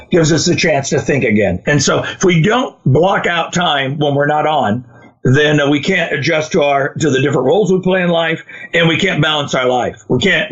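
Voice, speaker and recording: A man co-hosting a casual podcast, telling stories and quoting people as he goes. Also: a little high. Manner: storytelling, quotes others in animated voices. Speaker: podcast co-host. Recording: dull lo-fi sound.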